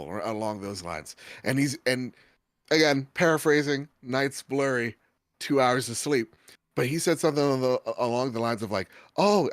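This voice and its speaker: A man's voice: mid-range voice, fairly bright tone, no room sound, clean studio sound. A man hosting a gaming podcast, telling stories in a chatty, laughing way with lots of fillers. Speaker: podcast host. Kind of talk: casual chat.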